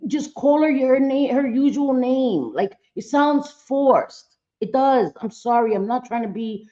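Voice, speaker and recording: A woman's voice: high voice, expressive, unhurried, dark tone, muffled recording. A middle-aged woman hosting a casual livestream, chatting bluntly with viewers, cursing freely and often trailing off mid-thought. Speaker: livestream host.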